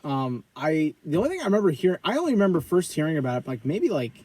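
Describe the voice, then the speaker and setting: A man's voice: on the high side, very animated, quick pace, warm tone, dry recording. A man co-hosting a podcast in casual chat, blunt and opinionated, with some swearing. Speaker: podcast co-host.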